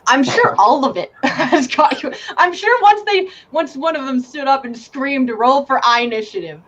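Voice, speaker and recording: Casual woman GM, highish voice, lo-fi with faint hiss. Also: very animated, measured pace, a bit bright. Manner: giggly, casual storytelling. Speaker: game master. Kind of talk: narrating a tabletop game.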